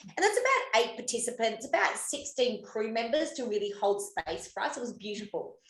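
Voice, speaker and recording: A high-voiced woman chatting casually as a podcast co-host. She swears freely and laughs often. Her voice carries the echo of a roomy space. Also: expressive, brisk, a bit bright. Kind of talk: casual chat.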